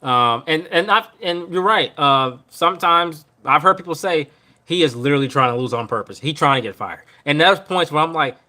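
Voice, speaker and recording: A man's voice: on the high side, animated, moderate pace, bright, forceful tone. A man hosting a live podcast stream, ranting about his team's coach in a rambling, exasperated way, repeating himself and trailing off. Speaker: podcast host.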